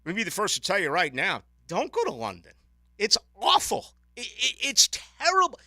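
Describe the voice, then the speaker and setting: A man hosting a sports radio show, chatting casually and ranting with animated opinions from a studio mic. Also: high voice, moderate pace, no echo. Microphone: studio microphone.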